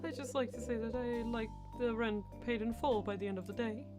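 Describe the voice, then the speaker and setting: A woman's voice: on the high side, brisk, over music, natural voice. A woman reading a stern, clipped old landlady. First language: Danish.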